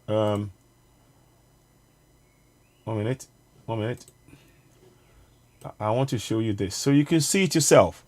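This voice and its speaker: A man's voice: lowish voice, darkish tone. A man hosting a livestream of political commentary. He speaks straight to his viewers, urgent and repetitive, and he keeps stopping to fumble with clips he wants to show. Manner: pauses to fumble with on-screen media. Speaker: online show host.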